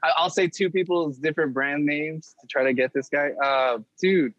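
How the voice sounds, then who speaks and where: A man's voice: on the high side, moderate pace, a bit bright, no echo, highs cut off. A young man from California, chatting casually as a podcast guest, telling stories animatedly and swearing as he acts out other people. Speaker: pin designer guest.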